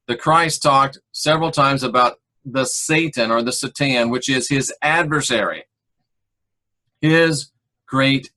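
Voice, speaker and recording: Emphatic preacher-like man, bright voice. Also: medium pitch. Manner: emphatic, drawn-out preacher delivery. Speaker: host and former minister. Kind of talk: monologue teaching.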